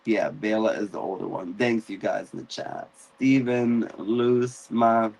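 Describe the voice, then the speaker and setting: A man's voice: lowish voice, steady tone, unhurried, vocal fry, darkish tone, breathy edge, poor audio. A man hosting a casual live-stream recap, telling the story animatedly and acting out characters' lines. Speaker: podcast host.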